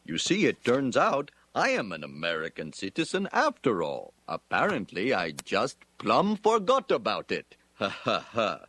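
A cartoon shopkeeper faking American talk. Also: male voice, unhurried, hardly any pauses, heavily acted. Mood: hearty. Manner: exaggerated, lively swings in pitch.

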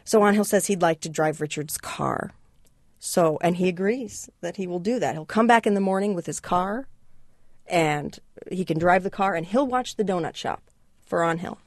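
Relaxed, hesitant reader, dry sound. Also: mid-range voice, moderate pace, no room sound. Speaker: guest discussing a book. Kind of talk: casual book summary and reading.

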